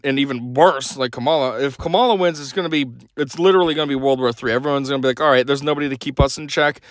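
A man's voice: mid-range voice, no echo. A young man hosting a podcast, delivering a blunt, sarcastic opinion rant. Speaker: podcast host.

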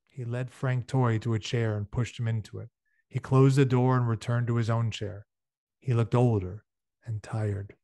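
An audiobook reader works through a novel chapter by chapter, now and then breaking off to give his listeners casual explanations between passages. His voice is medium-pitched and dark-toned with fairly even intonation at normal speed, recorded dry.

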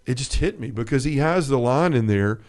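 Guy on a faith podcast telling a story, acts out the lines, mid-pitch voice. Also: a little fast. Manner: animated storyteller, acts out quotes. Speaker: podcast co-host. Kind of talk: casual faith podcast chat.

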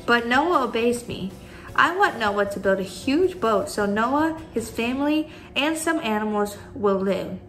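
A woman's voice: fairly high pitch, expressive, measured pace, a bit bright, soft background music. A woman reading God's lines in a children's Bible story in her own plain voice. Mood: earnest. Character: God, a calm male voice speaking.

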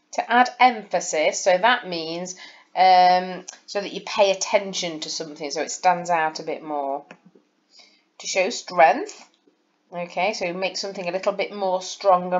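A woman's voice: fairly low pitch, muffled recording. A woman, a primary school teacher giving a recorded lesson and explaining patiently, step by step, to young children. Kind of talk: recorded lesson over slides.

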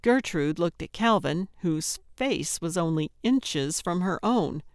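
A woman narrating a cozy mystery audiobook in an even, measured way. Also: fairly low pitch, dry recording, clean studio sound.

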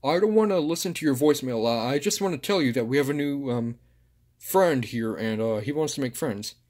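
A man voicing a calm, patient superhero, talking hesitantly with many fillers in home toy play-acting. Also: medium pitch, fairly quick, lightly acted.

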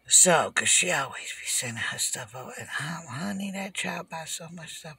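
An older woman, ranting as a delivery driver from her parked car in an animated, repetitive way, swinging from shouting to whispering. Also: low voice, moderate pace, breathy edge. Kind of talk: ranting vlog.

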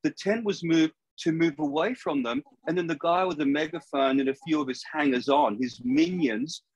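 An older man hosting an interview over a video call, speaking in a measured, thoughtful way. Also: on the high side, very animated, creaky, slightly rough, highs cut off. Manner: measured, thoughtful, with small restarts. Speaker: podcast host.

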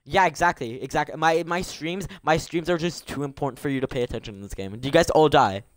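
A teenage boy streaming a game live, excitable and bantering with his chat and friends, gasping at every surprise. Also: fairly high pitch, fast, no room sound.

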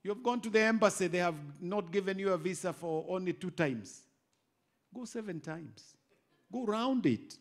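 High-voiced Kenyan bishop preaching. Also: male voice, fairly quick, few pauses. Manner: animated preaching that swings between quiet asides and loud exhortation. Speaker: bishop and pastor. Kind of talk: sermon.

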